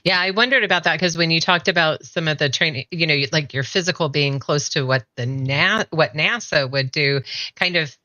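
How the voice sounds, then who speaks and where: A woman's voice: sits low, normal speed, pushed and bright, no room sound, lo-fi sound. A middle-aged woman hosting an interview, chatty and rambling as she asks her questions. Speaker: interview host. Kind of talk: conversational interview.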